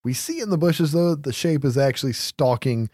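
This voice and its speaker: A man's voice: fairly high pitch, normal speed, darkish tone, slightly rough, dry recording, clean studio sound. A man co-hosting a podcast, casually recapping a film, laughing often and swearing freely. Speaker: podcast co-host. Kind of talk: casual movie recap chat.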